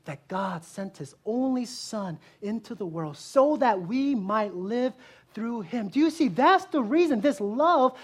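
A woman pastor delivers a sermon in an earnest, fairly high-pitched voice. She poses rhetorical questions and shifts between strongly emphasized lines and quiet, hushed ones.

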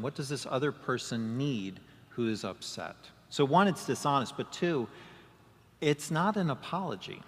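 A man's voice: mid-range voice, a bit bright. Man preaching in a reverberant hall. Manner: rhetorical questions, acts out quoted excuses. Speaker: pastor. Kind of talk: sermon.

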